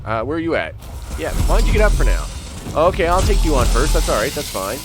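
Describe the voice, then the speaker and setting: A man's voice: fairly high pitch, big pitch swings, fast, music in the background. A man giving rambling, casual commentary on his gameplay as host, full of fillers and asides to enemies. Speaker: gaming channel host.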